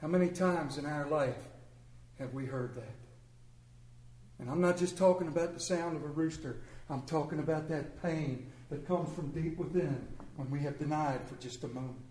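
Male preacher, earnest sermon, fairly high voice, roomy church echo. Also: moderate pace, darkish tone, slight background noise. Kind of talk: sermon with scripture reading.

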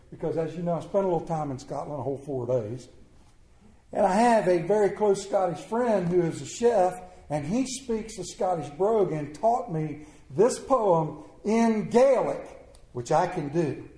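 A man telling comic stories to a live audience, animated and playful with emphatic swings. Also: fairly high pitch. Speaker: speaker entertaining an audience. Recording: roomy echo.

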